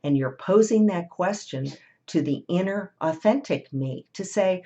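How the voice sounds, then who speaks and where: A woman with a low voice leads a gentle, reflective talk, coaxing listeners to turn inward and listen to themselves. She now and then voices the thoughts she quotes. The recording is dull and a little lo-fi. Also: lively intonation, unhurried. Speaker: host of a guided listening series. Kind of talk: guided self-reflection talk.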